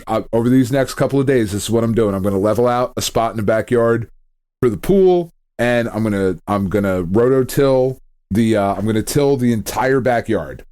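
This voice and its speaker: A middle-aged man rambles through a funny story on a gaming podcast. He swears freely, laughs often and acts out what people said. His voice sits at a middle pitch. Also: a little mellow. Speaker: podcast co-host. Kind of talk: casual chat.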